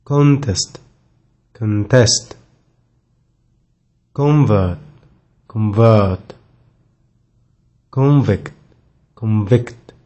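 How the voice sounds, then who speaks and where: Slow, mellow male voice reading word pairs. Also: on the low side. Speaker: pronunciation model.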